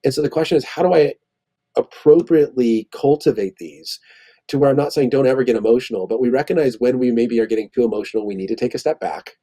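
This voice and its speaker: A man talks through an idea as a guest in an interview, thoughtful and long-winded, circling back and restarting phrases. His voice is slightly husky with a mellow, darker tone. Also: mid-range voice, fast. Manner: thoughtful, explains at length with restarts. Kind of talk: conversational interview.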